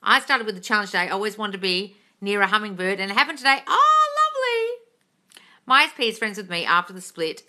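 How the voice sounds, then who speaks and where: A woman's voice: low-pitched, sharp tone. A woman manifesting coach on a casual live stream, reading chat questions aloud and answering bluntly with a lot of swearing, with a slight British intonation.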